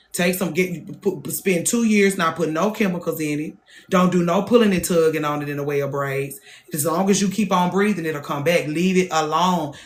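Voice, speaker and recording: A woman in her thirties, a hairstylist hosting a show, talking in a blunt, profane, casual monologue and repeating phrases for emphasis. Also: low voice. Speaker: hairstylist and podcast host.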